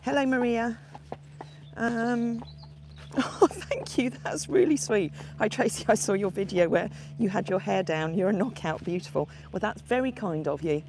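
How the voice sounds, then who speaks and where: A woman's voice: mid-range voice, unhurried, darkish tone. A woman hosting a live stream from horseback, chatting and greeting viewers by name. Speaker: horse sanctuary host. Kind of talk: live-stream chat while riding. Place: outdoors on horseback at a farm. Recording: outdoor noise with passing vehicles.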